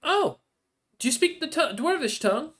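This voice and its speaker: A woman's voice: high voice, big pitch swings, moderate pace, pitched above the performer's own voice. A man doing a sweet, sly young dwarf barkeep woman. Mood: sweet, coy. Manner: sweet-talking, coy, haggling.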